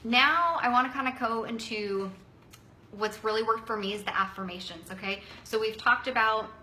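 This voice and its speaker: Woman wellness coach, 30s, lively, chatty and upbeat, bright, slightly high voice, roomy echo. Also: normal speed, a little hiss or hum. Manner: energetic, chatty, acts out quotes in a higher voice. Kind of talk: motivational coaching talk.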